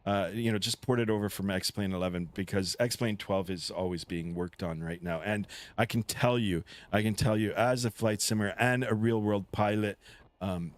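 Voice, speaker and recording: A man's voice: fairly low pitch, normal speed. A Canadian man streaming a flight simulator, chatting casually and reading viewer comments aloud. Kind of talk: casual live-stream chat.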